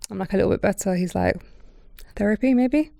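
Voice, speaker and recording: This British podcast host has a mid-range voice with vocal fry and talks very fast. In a casual chat she tells her own story candidly, bringing the people in it to life with animated quoted voices, captured in studio quality with no room sound.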